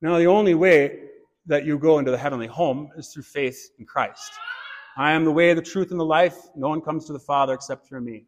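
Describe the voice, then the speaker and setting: A man's voice: fairly high pitch, fairly quick. A man preaching a sermon in church, earnest, turning to a light personal story now and then. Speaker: pastor. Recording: long reverb of a church hall.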